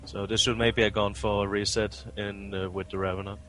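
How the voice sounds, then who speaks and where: A man's voice: on the low side, little pitch movement, brisk, fairly bright tone, faint music behind. A man co-commentating a competitive video game match, breaking down plays analytically with hesitations and restarts. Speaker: esports co-commentator.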